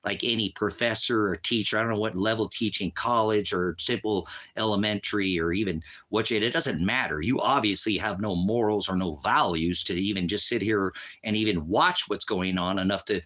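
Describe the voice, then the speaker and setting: A man's voice: on the low side, moderate pace, hardly any pauses, a bit bright. A man hosting a livestream, ranting at a viewer in the chat, insulting and repeating himself, stumbling when angry. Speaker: livestream host teaching homesteading.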